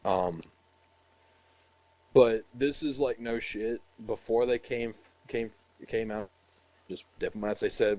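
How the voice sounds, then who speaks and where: A man's voice: medium pitch, steady tone, takes it slowly, long pauses, a little mellow, low-quality recording. A young man with an ordinary mid-range voice chats casually. He tells a rambling, profane tale with lots of fillers and frequent laughter. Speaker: soldier telling a story. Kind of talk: casual chat.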